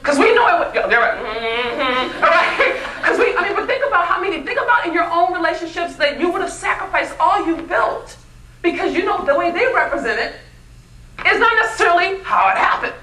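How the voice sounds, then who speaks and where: A keynote speaker, a woman with a high, sharp voice, gives an animated motivational speech at a luncheon, often turning to the audience with questions and talking a little fast. The echoey event hall is picked up by a distant mic, leaving the sound roomy with a faint hiss beneath.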